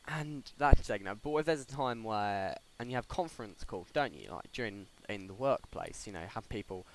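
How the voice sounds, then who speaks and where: A man's voice: fairly low pitch, lively intonation, fairly quick. Rambling young man podcasting. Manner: rambling, many fillers and restarts. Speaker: podcast host. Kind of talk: casual solo podcast chat. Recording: faint background noise.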